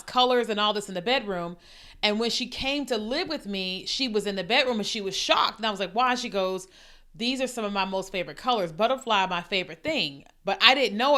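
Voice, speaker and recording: A woman podcast host telling a personal faith testimony, animated and storytelling, acting out the voices of people she quotes. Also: mid-range voice.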